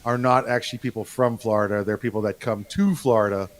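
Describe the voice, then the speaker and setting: A man co-hosting a casual podcast, talking in a relaxed, rambling way with chuckles. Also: on the low side, fast. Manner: laid-back, chuckling, rambling. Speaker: co-host.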